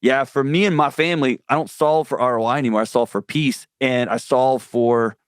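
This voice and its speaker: A man's voice: medium pitch, fairly quick, clear, resonant tone, no echo. A man speaking as a guest mental health expert, telling stories in an earnest, candid way. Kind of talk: conversational interview.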